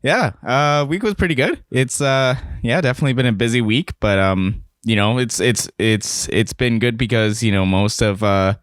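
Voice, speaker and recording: A man's voice: mid-range voice, moderate pace, hardly any pauses, clear, resonant tone, no echo, studio quality. A man co-hosting a band podcast, talking in a casual, rambling way with lots of fillers and restarts. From Canada. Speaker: podcast co-host, band member. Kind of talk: casual chat.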